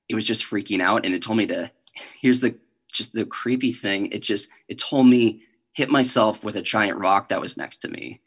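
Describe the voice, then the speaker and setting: A young man, a guest in an interview, telling a personal faith story in an earnest, halting way with nervous little laughs. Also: lowish voice, bright, forceful tone.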